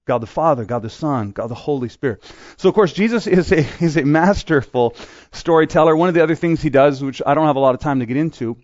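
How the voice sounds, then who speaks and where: A man's voice: fairly high pitch, a little mellow, no echo, highs cut off. A middle-aged man from Quebec preaching a sermon in a casual, joking way, acting out little voices as he tells stories. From Quebec, Canada. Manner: conversational, joking, acts out voices in asides. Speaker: pastor.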